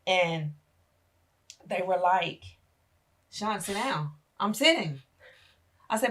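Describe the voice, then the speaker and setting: A low-voiced woman with a husky grain tells her life story as a podcast guest. She is middle-aged, talks with feeling and slips into the voices of the people in her tale. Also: slow pace. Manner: animated retelling, acting out family members' voices. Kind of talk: emotional personal storytelling.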